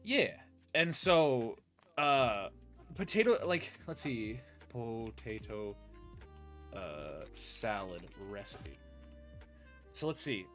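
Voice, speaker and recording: A giggly man hosts a loose, casual chat, reading recipes aloud in a voice of ordinary pitch. He keeps breaking into laughter, and soft music plays faintly behind him. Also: expressive, extremely slow, pauses often. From United States. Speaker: podcast host.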